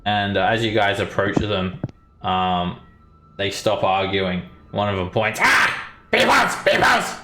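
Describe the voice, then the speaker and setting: Deep-voiced man as dungeon master. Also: flat delivery, a little slow, echoey room, noisy background. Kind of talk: narrating a tabletop game.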